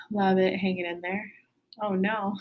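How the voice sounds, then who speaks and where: A woman's voice: medium pitch, level tone, slow pace, dull audio. A woman hosting a casual spiritual livestream, chatty and upbeat, talking to viewers from her computer. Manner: chatty, upbeat, with laughs and self-corrections.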